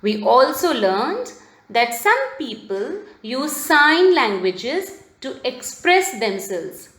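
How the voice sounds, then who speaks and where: Slow, lively woman teacher, roomy echo. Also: high voice. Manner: slow, spells words letter by letter. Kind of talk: recorded video lesson for children.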